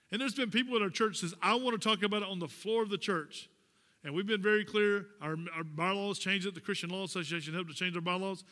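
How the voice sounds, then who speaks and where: A man's voice: high-pitched, sharp tone, in a large hall. A man preaching a sermon as pastor, folksy and direct, joking with the congregation. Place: church sanctuary.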